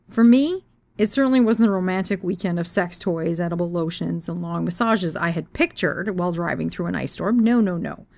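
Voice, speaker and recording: A woman's voice: medium pitch, dry recording. A woman podcast host and author telling a personal story frankly and expressively, with explicit language. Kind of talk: personal storytelling and reading aloud.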